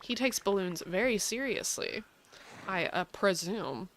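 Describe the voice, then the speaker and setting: A woman's voice: mid-range voice, a little slow, slight background noise. A woman giving playful, teasing commentary as she plays a video game. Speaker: gaming video creator. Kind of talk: casual gameplay commentary. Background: faint game music.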